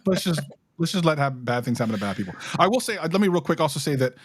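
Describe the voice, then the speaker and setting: A man's voice: on the high side, sing-song, rapid-fire, slightly rough, no room sound, studio quality. A man speaking as a guest in a casual interview, candid and laughing often. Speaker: guest, former company community liaison.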